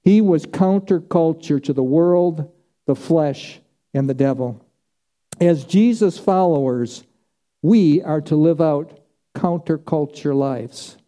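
A man preaching a sermon, emphatic and dramatic, with vivid pauses. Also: on the high side, mellow. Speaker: pastor.

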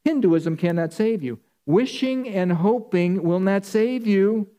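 Male preacher, emphatic and repetitive, mellow tone, slightly raised pitch. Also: unhurried. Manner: addresses listeners as folks. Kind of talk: sermon.

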